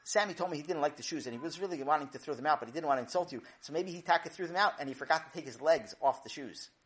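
A man's voice: a little high, rapid-fire, a bit bright, natural voice. A man voicing a naive, earnest child who rambles and repeats words.

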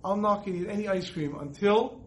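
An earnest, devoted man, as a male storyteller puts him on opens up in a confiding, plain way. The voice sits high for a man, with a faint hiss behind it. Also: a little fast, close to an everyday voice. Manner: confiding, explaining himself plainly. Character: earnest middle-aged man, quietly devoted.

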